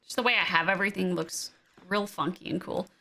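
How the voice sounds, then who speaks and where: A woman's voice: on the low side, fairly quick, vocal fry, bright, forceful tone. A young adult woman streaming a game, chatting playfully in casual commentary and exclaiming over her build.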